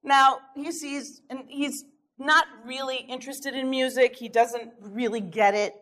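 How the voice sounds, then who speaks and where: A woman giving a workshop talk, telling an anecdote in a lively, storytelling way with small chuckles. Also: high voice, a little slow. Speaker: workshop speaker. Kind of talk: storytelling lecture.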